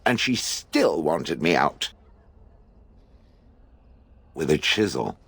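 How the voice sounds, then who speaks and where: A deep, husky, sardonic stone golem. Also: male voice, sing-song, takes it slowly, a bit bright, full character voice. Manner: dry, mocking, condescending. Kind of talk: video game dialogue.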